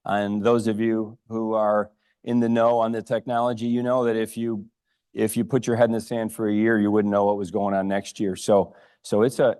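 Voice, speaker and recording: A man in his fifties from upstate New York, a prosthodontist giving a conference lecture, unhurried and full of ums and restarts. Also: lowish voice, darkish tone, no echo, clean studio sound. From Rochester, New York. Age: 50s. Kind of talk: conference talk. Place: lecture room.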